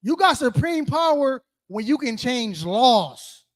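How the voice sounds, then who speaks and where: A man's voice: very high voice, very animated, takes it slowly. A man leading a group scripture study in a sermon style, asking questions and calling on listeners, using slang and rhetorical "right?". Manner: calls on listeners, asks questions, repeats answers. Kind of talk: interactive sermon teaching.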